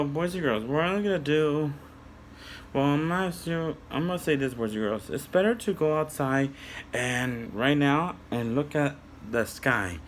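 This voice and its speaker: A man reading and retelling a story to children, talking to them directly in an animated way. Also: medium pitch, a little hiss or hum. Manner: slow, animated, addresses kids directly.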